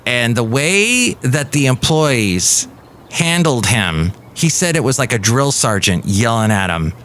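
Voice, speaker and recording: A man's voice: medium pitch, very animated, unhurried, fairly bright tone. A man hosting a comedy podcast, reading the news with goofy puns and playful asides. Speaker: podcast host.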